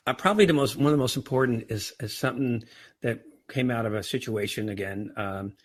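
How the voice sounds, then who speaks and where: A man with a mid-range voice, speaking a little fast, appears as a guest on a podcast. An entrepreneur and author, he talks earnestly and shares anecdotes during a conversational interview.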